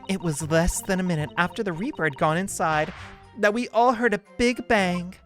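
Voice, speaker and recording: A man's voice: high-pitched, normal speed, fairly bright tone, soft background music, pitched above the performer's own voice. A man voicing a jittery young woman witness with a Valley Girl-ish lilt in a game let's play. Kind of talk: game voice-acting.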